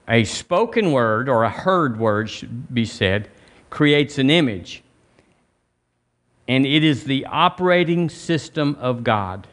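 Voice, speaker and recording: In a church, a male pastor from Alabama in the US preaches a sermon in a medium-pitched, slightly bright voice. His style is folksy and conversational, repeating phrases and calling on the congregation to answer back.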